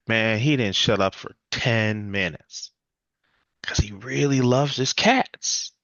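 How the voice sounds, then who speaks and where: A man teaching a live sales class, acting out lively client conversations as examples. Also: normal speed, creaky, no room sound, muffled recording. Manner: energetic, acts out client dialogue with jumps in pitch. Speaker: sales trainer.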